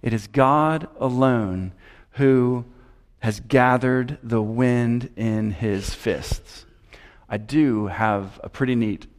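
A male pastor delivers an expository sermon in a steady, unhurried voice. He stresses key phrases and asks questions of the congregation. His words carry a long reverb from a large church hall. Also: on the low side. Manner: measured, emphatic preaching with repeated phrases and rhetorical questions.

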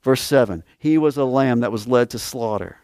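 Guy preaching a sermon, emphatic, repeats himself, mid pitch, dry close sound. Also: moderate pace, a little mellow, clear, resonant tone, no echo. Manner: emphatic, repeats key words, reads scripture aloud.

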